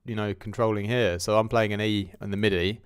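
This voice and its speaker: A man's voice: on the low side, fairly even intonation, fairly quick, a little hiss or hum. A man livestreaming a music production session, thinking aloud in a chatty, self-correcting way and sneezing now and then. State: sneezing and coughing, a bit congested. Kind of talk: casual livestream talk while working. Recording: loud music under the voice. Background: loud electronic music playing.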